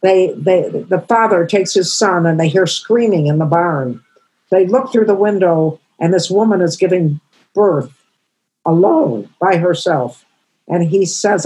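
A woman in her eighties, a comedian guest, telling stories in an emotional, halting way. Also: fairly low pitch, darkish tone, slightly rough, poor audio. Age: 80s. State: crying. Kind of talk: storytelling interview answers.

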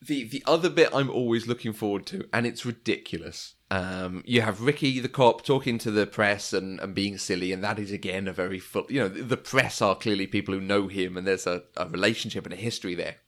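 A man with a slightly low voice chats casually about films. He is enthusiastic, laughs often and sometimes slips into quoted lines. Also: fairly quick, few pauses, fairly bright tone. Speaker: podcast co-host. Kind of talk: casual film discussion.

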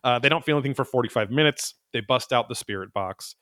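A man's voice: mid-range voice, fast talker, pushed and bright, no room sound, studio quality. A man hosting a podcast, recapping an episode in a rambling, profane, wry casual chat. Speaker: podcast host.

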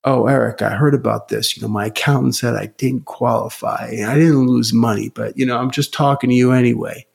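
A man's voice: mid-range voice, fairly even intonation, brisk, vocal fry, few pauses, breathy edge. A man putting on a New York-accented business owner asking about a tax credit. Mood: casual.

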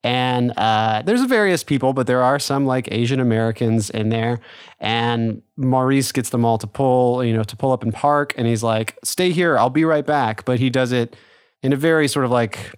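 A man's voice: mid-range voice, moderate pace, clear, resonant tone, no room sound, clean studio sound. A man co-hosting a podcast, chatting casually about an episode, laughing often and trailing off with fillers. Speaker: podcast co-host. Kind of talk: casual chat.

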